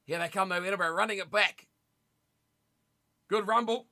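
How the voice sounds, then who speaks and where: A young man streaming a rugby watch party, commentating on the play and chatting casually with his viewers, with sudden loud reactions. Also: sits high, moderate pace, creaky. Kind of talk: casual live commentary and chat.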